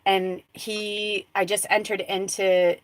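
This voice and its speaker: In a slow, casual live-stream monologue, a woman hosting a spiritual talk show rambles with many fillers and restarts, going from hushed softness to excited exclamations. Her voice is mid-range and the recording has no room sound.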